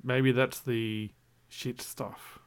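A man's voice: mid-range voice, little pitch movement, very slow, dry recording. A man co-hosting a casual podcast, giving brief dry replies and wry jokes. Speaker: podcast co-host. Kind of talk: casual comic podcast chat.

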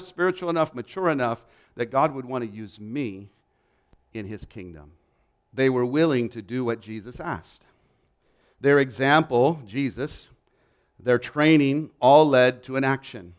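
A man preaching a sermon, emphatic and building his points through repeated lists. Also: mid-range voice.

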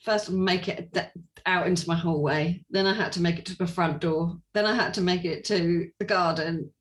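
Speaking at a normal speed in a fairly low voice, this English interview guest shares her personal testimony. Her storytelling is lively, peppered with fillers and regular laughs.

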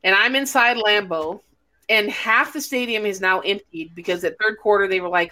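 Brash, bright-voiced woman cussing freely. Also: mid-range voice, moderate pace. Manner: blunt, profane, animated storytelling. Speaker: podcast host. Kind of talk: casual chat.

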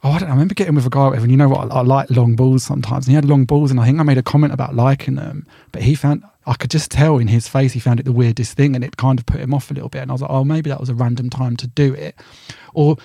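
Chatty young man, gravelly voice. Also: mid-range voice, steady tone, very fast, few pauses, warm tone, no room sound, studio quality. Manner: rambling, chatty, easily sidetracked. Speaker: podcast co-host. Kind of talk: casual chat.

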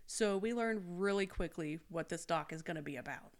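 A woman's voice: on the low side, normal speed. A woman from Texas co-hosting a podcast, recapping a documentary in casual chat with dry, sarcastic asides and swearing. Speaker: podcast co-host.

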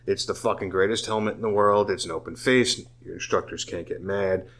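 A man's voice: lowish voice, steady tone, brisk, a bit bright. A man chatting casually, tipsy and profane, rambling with restarts. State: drunk. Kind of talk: casual chat.

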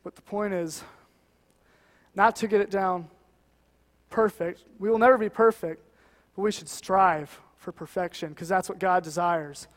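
A man with a fairly high voice gives an earnest, conversational sermon in a church, often dropping "you know" as he talks. His voice carries a long reverb from the hall around him. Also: fairly even intonation, unhurried, long pauses. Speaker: guest preacher.

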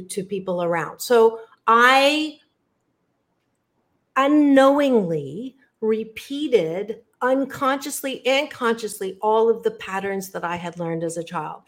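A middle-aged woman in an interview, speaking candidly about her own life. She talks earnestly and leans hard on key words. Her voice sits at an ordinary middle pitch. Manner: earnest and emphatic, addresses listeners directly with lingering stress on key words. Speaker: psychologist guest. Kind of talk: podcast interview, candid storytelling.

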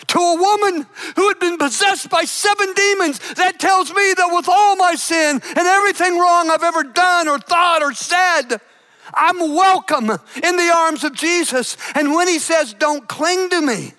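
Bright high-voiced preacher with shouted emphasis. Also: male voice. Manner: dramatic storytelling with shouted emphasis and playful asides. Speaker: pastor. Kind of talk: sermon.

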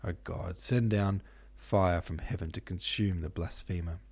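A man's voice: sits low, fairly even intonation, a little slow, vocal fry, a little mellow, husky, heavily acted. A man voicing a hot-tempered young male painter who argues vehemently. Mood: heated. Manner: vehement, declaiming.

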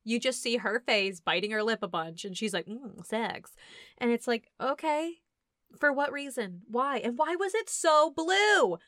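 A woman co-hosting a casual movie chat, animated and laughing, acting out scenes in quick voices. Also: on the high side, dry recording, clean studio sound. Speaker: podcast co-host reviewing a movie.

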